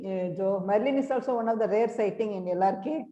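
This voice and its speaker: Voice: medium pitch, fairly quick, warm tone, roomy sound, lo-fi sound. A host, cutting in with short, informal remarks on a video call.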